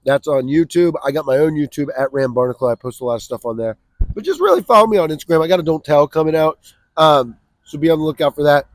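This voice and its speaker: A man in his forties, a comedian guest in casual comedic chat outdoors at a backyard grill, joking and bursting into loud shouted bits. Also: fairly high pitch, quick pace, no room sound. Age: 40s.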